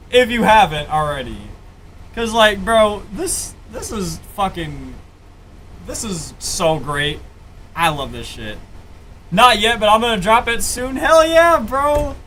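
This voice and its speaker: Bright high-voiced hyped male streamer. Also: slight background noise. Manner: hyped, profane, repeats "bro" and "man". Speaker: streamer reviewing listener music. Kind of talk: casual live-stream reaction.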